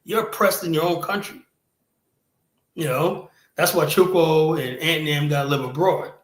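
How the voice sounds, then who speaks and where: A man hosting a stream, talking bluntly and profanely and rambling, with a steady stream of "you know". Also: on the high side, moderate pace. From United States. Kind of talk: casual stream talk. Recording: roomy echoey sound.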